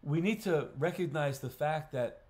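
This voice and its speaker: Pastor teaching a Bible study. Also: male voice, a little high, moderate pace, darkish tone. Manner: conversational, frequent restarts and throat clearing. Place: church. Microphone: livestream recording.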